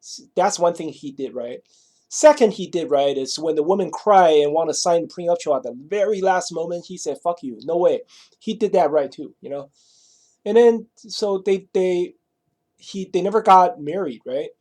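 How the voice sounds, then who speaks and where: A man's voice: high-pitched, moderate pace, a little mellow. A man telling a story in a rambling monologue, casual and profane, always adding "right?" and "you know?". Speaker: vlogger.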